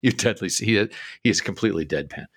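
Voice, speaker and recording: A middle-aged man on a podcast, co-hosting and telling an animated story with a lot of laughter. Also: on the low side, fast, dry recording, clean studio sound. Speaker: co-host. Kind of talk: casual storytelling.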